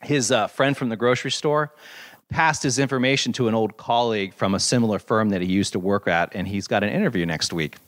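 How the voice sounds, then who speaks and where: A man's voice: lowish voice, a little fast, fairly bright tone. A man preaching a sermon as pastor, earnest and reflective, reading scripture with rising emphasis.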